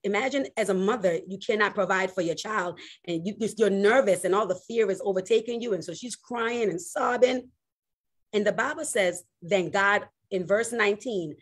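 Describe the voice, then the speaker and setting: A woman pastor preaching a sermon, animated, swinging from loud exclamations to hushed, slow emphasis. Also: mid-range voice.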